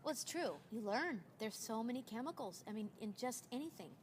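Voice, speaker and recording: A woman's voice: on the high side, lively intonation, a little fast, slight background noise. A woman in her forties chatting casually as a recruiter sharing sales tips, telling stories and acting out the dialogue she quotes. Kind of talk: casual chat.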